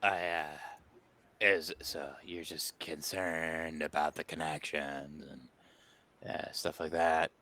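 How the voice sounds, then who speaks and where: A man's voice: very deep voice, level tone, takes it slowly, pushed and bright, heavily acted. A man voicing a laid-back gamer vampire hacker who drawls and says "like" constantly. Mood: casual. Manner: slacker drawl full of filler "like".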